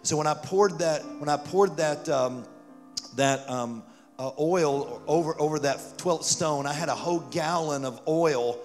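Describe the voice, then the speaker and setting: A male pastor telling a story in a sermon, animated and rising to loud fervor. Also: fairly high pitch, measured pace. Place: church sanctuary. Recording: church hall reverb with music.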